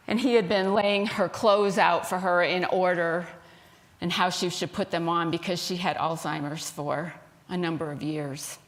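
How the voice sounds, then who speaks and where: Woman minister softly telling a story. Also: on the low side. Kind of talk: sermon storytelling.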